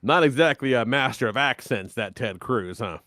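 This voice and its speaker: A man's voice: medium pitch, lively intonation, moderate pace, bright, forceful tone, no room sound, clean studio sound. A man with a Southern US accent, co-hosting a podcast in casual, laughing, profane chat. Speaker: podcast co-host.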